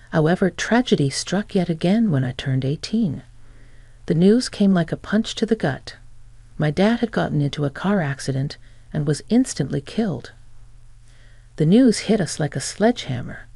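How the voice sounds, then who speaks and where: Creaky, dark-toned woman narrating a story. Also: sits low, no room sound. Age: young adult. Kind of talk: scripted first-person narration.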